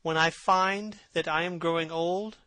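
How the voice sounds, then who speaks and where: A man's voice: on the high side, steady tone, unhurried, bright, forceful tone, no room sound. A man doing an anguished vain young man. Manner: impassioned, pleading.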